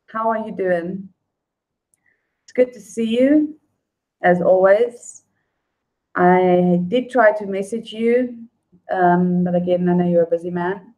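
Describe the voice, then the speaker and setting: A woman's voice: medium pitch, normal speed, phone-quality sound. Chatty woman livestreaming. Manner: chatty and friendly, greeting viewers by name. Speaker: livestream host. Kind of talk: casual livestream chat, reading viewer comments.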